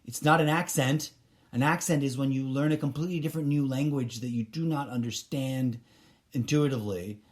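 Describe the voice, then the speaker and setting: Rambling opinionated man podcasting solo. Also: medium pitch. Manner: rambling, opinionated, many fillers and restarts. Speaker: podcast host. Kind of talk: casual solo podcast monologue.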